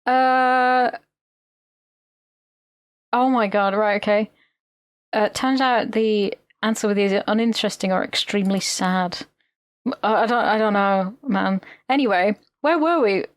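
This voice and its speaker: A woman's voice: medium pitch, fairly even intonation, a little slow, pauses often, clear, resonant tone, no room sound. A woman co-hosting a podcast, retelling a film in a rambling, sweary way. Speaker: podcast co-host. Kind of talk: casual film-recap chat.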